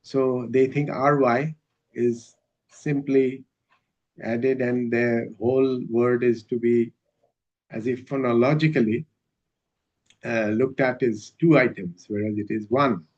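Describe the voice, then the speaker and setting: A man giving a university lecture in a measured, hesitant way, with many filler sounds. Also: medium pitch, fairly even intonation, darkish tone. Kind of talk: academic lecture. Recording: dull lo-fi recording.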